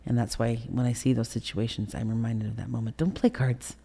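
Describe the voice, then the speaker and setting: Brief: middle-aged woman guest, gravelly and dark-toned, emotional halting recollection. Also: very deep voice, flat delivery. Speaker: interview guest. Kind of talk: candid personal storytelling.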